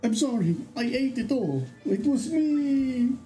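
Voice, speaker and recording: A sheepish male stew thief with a high, sing-song voice, gushing and apologetic, as a streamer puts him on while reading out game lines. The tone is dark and mellow, with soft music playing underneath. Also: lively intonation, takes it slowly. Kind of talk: voicing game dialogue on a livestream.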